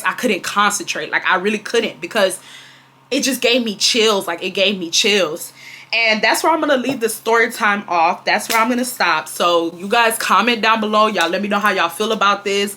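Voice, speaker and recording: A woman's voice: medium pitch, pushed and bright. A young woman, telling a storytime vlog in an emphatic way, repeating herself and talking straight to her viewers. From Houston, Texas. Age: 20s. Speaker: vlogger. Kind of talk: casual storytime monologue.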